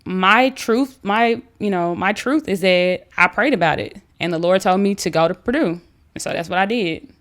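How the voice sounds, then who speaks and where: A woman guest on a podcast, telling a story in a casual, animated way with many fillers and restarts. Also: medium pitch, moderate pace.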